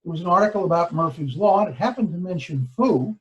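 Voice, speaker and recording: An older man, a law professor, giving a formal lecture, with deliberate pacing and stressed key words. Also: sits high, expressive, dull audio. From United States.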